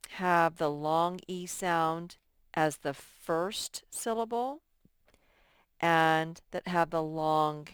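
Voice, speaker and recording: Slow, patient woman teaching young children. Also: lowish voice, clean tone, no echo, clean studio sound. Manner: slow, patient, thinks aloud while sorting words. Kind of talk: recorded phonics lesson for young children.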